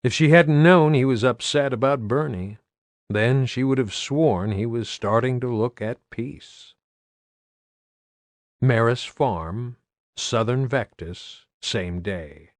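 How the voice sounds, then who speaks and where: A man reading an audiobook as narrator with an even, steady delivery. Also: medium pitch, slow, dry recording. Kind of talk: scripted narration.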